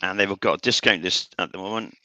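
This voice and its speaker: A man's voice: low voice, fairly even intonation, brisk, sharp tone, rough recording. A man on a headset mic in casual, teasing banter during a woodturning stream. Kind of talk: casual chat.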